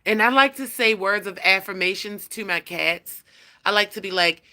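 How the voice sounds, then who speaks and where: A woman's voice: mid-range voice, moderate pace, sharp tone. A woman chatting casually on a livestream, rambling, swearing freely and scolding her cat. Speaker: livestream host.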